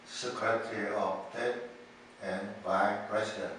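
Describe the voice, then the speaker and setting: A man's voice: fairly low pitch, fairly even intonation, measured pace, fairly bright tone. A man student with a Vietnamese accent, carefully repeating words back. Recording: echoey room, distant mic, faint noise.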